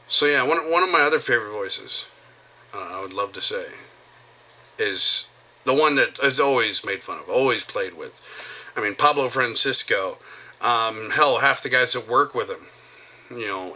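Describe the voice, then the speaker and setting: Animated, bright-voiced male vlogger. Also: mid-range voice. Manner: animated, jumps between impressions. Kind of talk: casual storytelling monologue.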